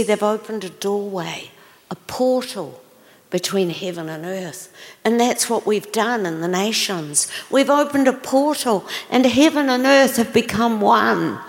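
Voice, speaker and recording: Woman preacher with a gravelly voice. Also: medium pitch, lively intonation, takes it slowly. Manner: exclaiming, questions the audience. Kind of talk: sermon storytelling. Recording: long reverb of a large hall.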